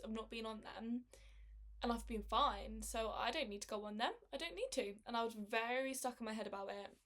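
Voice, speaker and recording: A young woman speaking candidly about her own experience, halting and emotional, with frequent restarts. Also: on the high side. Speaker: person sharing her experience of living with MS. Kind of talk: candid personal testimony.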